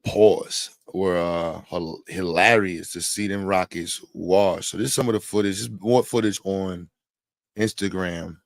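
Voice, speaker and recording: Middle-aged man, livestream host, low voice, dry close sound, joking and rambling. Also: steady tone, unhurried, gravelly, no room sound. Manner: joking, rambling, loud bursts and laughs. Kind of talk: casual livestream commentary.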